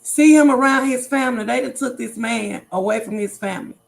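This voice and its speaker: A middle-aged woman with a gravelly, creaky voice chats on a casual livestream. She talks straight to her viewers, repeating her points with emphasis. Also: fairly high pitch, a little fast. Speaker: livestream host.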